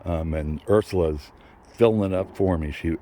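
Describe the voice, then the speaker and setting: A man's voice: deep voice, moderate pace, mellow, slight background noise. An older man vlogging casually on an outdoor park trail, out of breath and panting between phrases. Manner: chatty, panting between phrases, apologetic, laughs often. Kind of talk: casual walking vlog.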